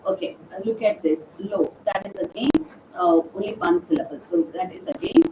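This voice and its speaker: A woman's voice: medium pitch, normal speed, recorded from a distance. Woman trainer, off-mic. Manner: poses questions to the class and answers them herself; hesitant, frequent "uh" fillers and restarts. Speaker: verbal aptitude trainer. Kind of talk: live webinar grammar lesson. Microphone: distant from the microphone. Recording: echoey room, off-mic, faint background noise.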